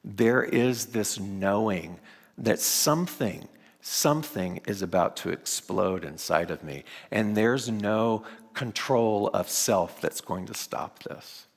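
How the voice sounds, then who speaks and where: Slow gravelly-voiced minister in a hall. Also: male voice, lowish voice. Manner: slow, dramatic pauses, hushed moments. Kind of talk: storytelling sermon. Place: large church sanctuary. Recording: long hall reverb.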